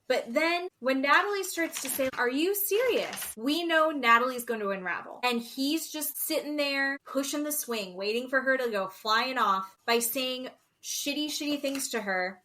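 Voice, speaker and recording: Bright high-voiced woman, animated recapper. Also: a little hiss or hum. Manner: animated, acts out quotes in voices, swears freely. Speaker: podcast co-host. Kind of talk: casual reality TV recap chat.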